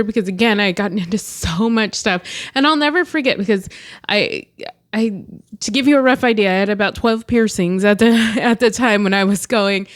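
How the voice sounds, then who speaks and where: A woman's voice: mid-range voice, brisk. A woman guest sharing a personal faith testimony in an interview, talking openly with many fillers and frequent laughs. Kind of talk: candid personal testimony in conversation. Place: studio interview in Fresno.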